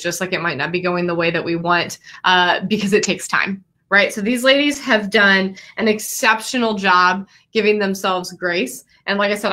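A woman hosts a live online celebration for her quilting class, and her voice is bright and ringing. She talks effusively and stops often to greet viewers by name. Her pitch sits at an ordinary middle height. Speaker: quilting teacher and livestream host.

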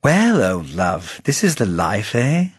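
Un uomo che interpreta un vecchio capo delle spie inglese, affettato e gioviale, con tono leggero e acuto. Voce un po' velata, in una lettura d'audiolibro asciutta. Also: male voice, fairly low pitch, sing-song, takes it slowly, breathy edge, no echo, clean studio sound, exaggerated voice. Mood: breezy.

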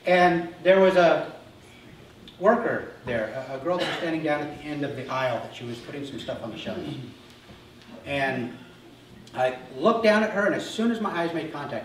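A middle-aged male pastor preaching a sermon, telling self-deprecating stories in an animated way. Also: a little high, normal speed, slight background noise. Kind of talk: sermon with humorous personal stories. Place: church sanctuary. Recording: echoey hall, mic from far off.

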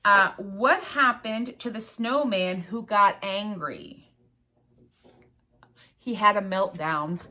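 A woman's voice: mid-range voice, slow, long pauses, bright, forceful tone. A middle-aged woman vlogging in a casual chat to the camera, chatty and exclaiming over her crafts. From Ohio, US.

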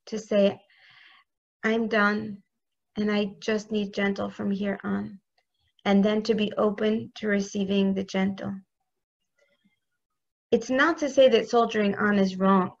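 A woman's voice: mid-range voice, little pitch movement, unhurried, creaky, pauses often, dull audio. A woman giving a heartfelt spiritual talk as a religious teacher, intimate and earnest. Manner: intimate, earnest, speaks prayers aloud.

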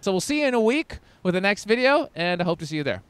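Man, 30s, dating coach, emphatic, animated pitch, smooth voice. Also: fast talker. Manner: emphatic, swings into loud demos. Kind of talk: energetic coaching talk to camera.

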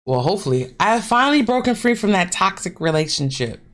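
A woman hosting her gaming channel, giving casual horror game commentary. She is excitable, swears a lot, and keeps talking to her viewers. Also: medium pitch, fast.

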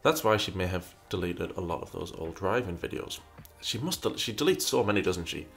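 Deep, creaky, and fairly bright, a man's animated voice moves briskly as he fields viewer questions in an easygoing chat. He reads them out, reflects on each one, and often says the same thing twice.

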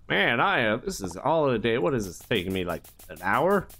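A man's voice: mid-range voice, big pitch swings, fairly quick, few pauses, sharp tone. A man giving jokey, rambling commentary while playing a horror game, with mock-innocent asides. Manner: jokey, rambling, sing-song sound effects. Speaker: gaming youtuber. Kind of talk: comedic let's play commentary.

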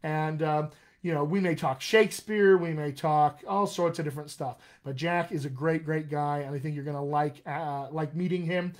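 A man's voice: fairly high pitch, fairly even intonation, normal speed. An American man, a dialect coach, chatting casually and rambling to viewers on a live stream, calling them by name. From United States.

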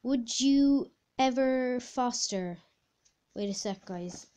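A woman vlogging in a casual chat while doing online quizzes, thinking aloud with lots of fillers and sudden excited outbursts. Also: fairly high pitch, takes it slowly, clean tone. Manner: chatty, thinks aloud with many fillers, bursts into squealing outbursts.

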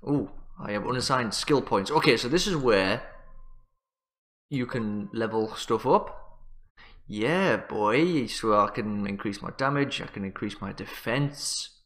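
A man's voice: lowish voice, lively intonation, unhurried, a bit bright. A man hosting a gaming channel, giving joking, sarcastic, rambling let's play commentary.

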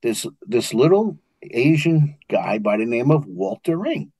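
A man's voice: medium pitch, measured pace, husky, no echo. An older man with a New York accent, telling martial arts stories as a guest in an interview. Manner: animated storyteller, acts out quotes. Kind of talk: storytelling interview.

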